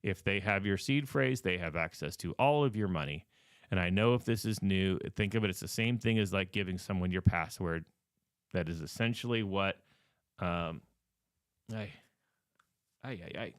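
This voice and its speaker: A man's voice: low voice, normal speed, clean tone, no echo, studio quality. A man hosting a podcast who is losing his voice, giving casual advice with emphatic, repetitive warnings and many fillers. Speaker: podcast host.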